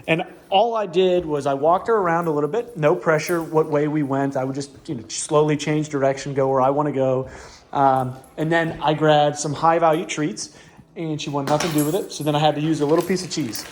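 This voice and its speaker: A man working as a dog trainer, explaining his methods in a casual instructional way and coaxing the dog with high, sing-song praise. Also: fairly even intonation, fairly quick, a little hiss or hum. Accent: Western Pennsylvania. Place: outdoors on walks, then indoors in a stairwell. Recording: echoey, distant camera audio.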